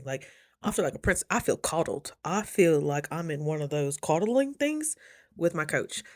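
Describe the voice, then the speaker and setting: A young woman talking casually in a motivational vlog, chatty and animated, jumping high when she quotes people. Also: moderate pace. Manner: chews while talking at times. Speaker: vlogger.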